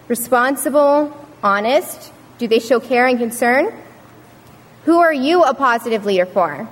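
Young woman, slightly high voice, earnest storytelling speech, reverberant hall. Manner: earnest, storytelling with acted quotes. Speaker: student speaker. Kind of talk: prepared speech to an audience.

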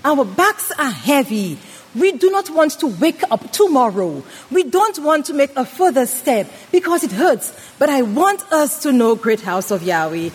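A woman delivers a sermon in a high, animated voice, acting out a story with dramatic swings between loud outbursts and hushed asides. Her words ring out with a long reverb, as in a church hall. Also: a little hiss or hum. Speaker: preacher. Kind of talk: sermon with acted-out anecdote.

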